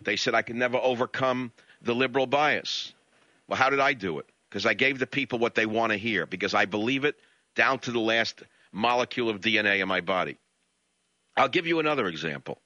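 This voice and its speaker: A man's voice: mid-range voice, lively intonation, a little fast, bright, forceful tone, no room sound. A man in his sixties with a New York accent, a talk radio host giving a candid, self-deprecating monologue. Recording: dull lo-fi sound, dry.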